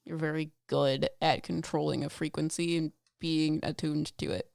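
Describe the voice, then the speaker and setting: A woman's voice: sits low, steady tone, normal speed, vocal fry, a little mellow, no room sound, clean studio sound. A woman co-hosting a podcast, chatting casually in a playful, teasing way and cracking jokes. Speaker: podcast co-host. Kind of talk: casual chat.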